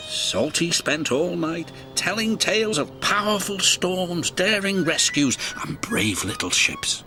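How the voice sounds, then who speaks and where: A man narrating a children's storybook in a slow read-aloud manner. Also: high voice, sing-song. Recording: music playing behind.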